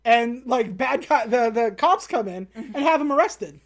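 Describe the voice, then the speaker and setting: A woman co-hosting a podcast, casually retelling a movie plot and briefly acting out its characters' lines. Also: fairly high pitch. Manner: animated retelling, acting out characters in quick voices. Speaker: podcast co-host recapping a film. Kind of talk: casual chat.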